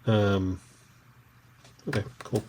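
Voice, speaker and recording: A man's voice: on the low side, fairly even intonation, extremely slow, noisy background. A man casually thinking aloud as he tinkers with a machine, muttering and rambling to himself, recorded through a webcam microphone. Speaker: streamer tinkering with a VCR.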